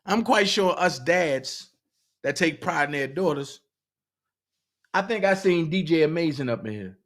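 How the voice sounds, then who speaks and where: A man's voice: a little high, expressive, measured pace, a bit bright. Indignant man talking to his chat. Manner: indignant, asks the chat pointed questions. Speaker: livestream host. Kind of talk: heated livestream commentary.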